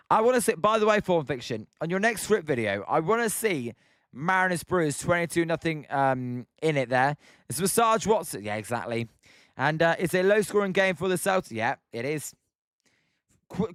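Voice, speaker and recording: British man, young, live play-by-play, chats with viewers, slightly high voice, dry sound. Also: no room sound. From Britain. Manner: chatty, reacts to viewer comments by name. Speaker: live stream host calling a baseball game. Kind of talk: live play-by-play commentary while reading chat.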